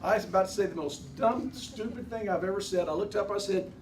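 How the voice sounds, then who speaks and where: In a church classroom, a man portrays a repentant ancient persecutor from the Bible, earnestly telling his story directly to the class with folksy remarks along the way. He talks fairly quickly in a high-sitting voice that stays close to his everyday one. The mic is far off in a spacious hall, and background noise is clear.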